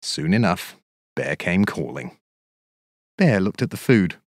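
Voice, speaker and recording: Slow, expressive male storybook narrator. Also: low-pitched, no room sound, clean studio sound. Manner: expressive, measured, sing-song. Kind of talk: children's storybook reading.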